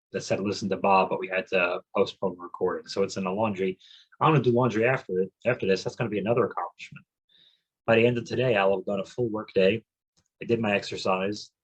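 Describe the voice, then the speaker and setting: A man's voice: lowish voice, breathy edge, low-quality recording. A man in his forties hosting a solo comedy podcast, rambling and self-mocking, bursting into mock-macho rants. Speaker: podcast host.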